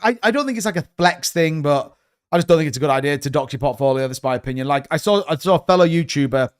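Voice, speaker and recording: A man's voice: fairly high pitch, lively intonation, quick pace, smooth. A man in his thirties, hosting a crypto livestream, talking bluntly and rambling, sometimes swearing. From United Kingdom. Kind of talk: casual livestream chat.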